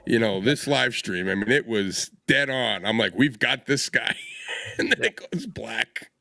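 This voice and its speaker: A man in a casual live-stream chat who is animated and acts out each quote. His voice is bright and swings widely in pitch, with a dry sound. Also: measured pace, vocal fry, no room sound.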